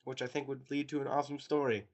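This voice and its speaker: A young man in his twenties co-hosting a casual podcast, animated and teasing as he chats with a friend. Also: mid-range voice, quick pace. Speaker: podcast co-host. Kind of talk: casual chat.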